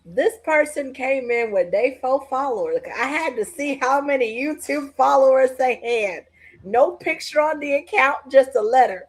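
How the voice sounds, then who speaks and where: A woman co-hosting a podcast watch party, loud, excitable and profane, yelling at the screen. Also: high voice, moderate pace. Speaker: podcast co-host. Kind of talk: casual watch-party chat.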